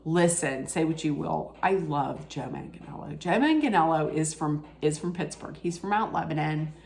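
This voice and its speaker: A woman's voice: low-pitched, moderate pace, creaky, a little mellow. A woman giving a casual, opinionated recap of a reality dating show, chatty, with frequent fillers and restarts.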